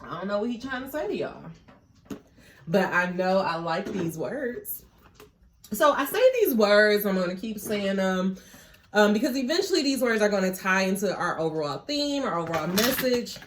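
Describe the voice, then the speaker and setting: A woman's voice: mid-range voice, animated, moderate pace, slight background noise. A woman giving a casual spiritual tarot reading on her phone, chatty and prayerful, with frequent laughing asides. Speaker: tarot reader.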